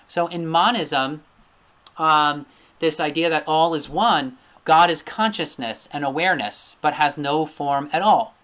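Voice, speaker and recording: A male teacher gives a recorded lecture from his slides. He thinks aloud with plenty of fillers and often checks in with a quick tag question. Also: a little high, a bit bright. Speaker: Ayurveda teacher.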